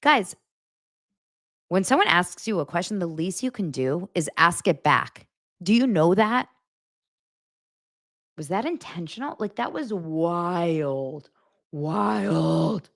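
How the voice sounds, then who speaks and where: A woman hosting a casual pop culture show in a sarcastic, chatty way. Her pitch swings widely, from loud outbursts down to low muttered asides. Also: big pitch swings, measured pace, pauses often. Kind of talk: casual commentary recap.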